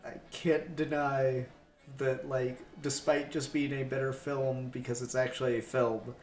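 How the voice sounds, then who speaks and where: A man's voice: medium pitch, flat delivery, measured pace, darkish tone. Teasing man in an echoey room. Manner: teasing, sarcastic. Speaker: podcast co-host. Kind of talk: casual chat.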